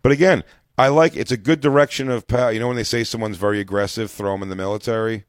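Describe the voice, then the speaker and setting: A man's voice: lowish voice, steady tone, fast talker, no echo, clean studio sound. A man co-hosting a casual radio talk show, riffing crudely and laughing often. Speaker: co-host.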